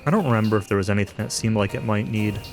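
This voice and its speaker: A man with a lowish voice chats his way through a game session, hedging and circling back on his own points. His humor stays dry and self-aware. Game music plays clearly under his voice. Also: very fast. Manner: rambling and hedging, with frequent fillers. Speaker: let's-play streamer. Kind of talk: casual gameplay commentary. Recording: game music playing behind the voice.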